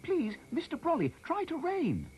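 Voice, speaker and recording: A man voicing a young boy who pleads anxiously in a high, strained voice in a storybook reading. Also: wildly swooping pitch, unhurried, full character voice. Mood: pleading.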